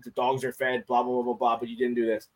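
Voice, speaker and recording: A man in casual podcast conversation, speaking bluntly and profanely. He restarts and repeats words as he works through his thoughts, in an ordinary middle-pitched voice. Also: completely flat delivery, fast talker, rough recording. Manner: candid and profane, repeats words while thinking.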